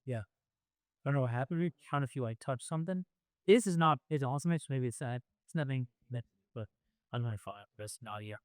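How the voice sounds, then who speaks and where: A man hosts a podcast from a studio, talking in a casual, rambling way as he sorts out an audio problem. His voice sits at an ordinary middle pitch. The room sounds dry and close, with no echo. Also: fairly quick. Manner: fussing over audio levels, loose and chatty. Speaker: podcast host.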